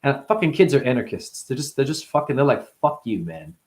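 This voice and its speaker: A man speaks as a spiritual teacher in a loose, profane, rambling monologue, playfully imitating other people's voices. His voice is medium-pitched and darkish in tone, and he talks fast.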